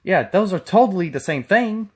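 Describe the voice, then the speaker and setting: A man's voice: sits high, lively intonation, moderate pace, breathy edge. A man from Texas giving mocking, sarcastic reaction commentary with frequent profanity. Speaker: commentary channel host.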